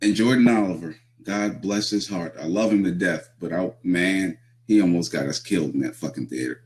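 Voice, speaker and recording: A man's voice: low voice, moderate pace, a little mellow. A young man telling profane, laid-back road stories as a guest wrestler in a casual chat. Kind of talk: casual storytelling.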